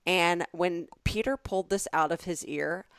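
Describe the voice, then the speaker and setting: A middle-aged woman with a Southern American accent, co-hosting a comedy podcast and telling anecdotes with animated build-up. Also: fairly low pitch, normal speed, smooth, no echo, studio quality. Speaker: podcast co-host. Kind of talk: casual comedic chat.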